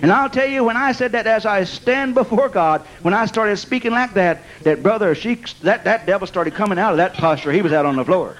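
A man with a notably high-pitched voice preaches a storytelling sermon. He sprinkles amen, bless God and praise God through his testimony and laughs along with his own story. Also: a little fast, few pauses, poor audio.

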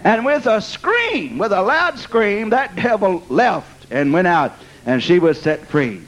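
High-voiced guy preaching, telling his story, lots of amen and bless god. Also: slow pace, rough recording. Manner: animated testimony, laughing at his own story. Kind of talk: storytelling sermon.

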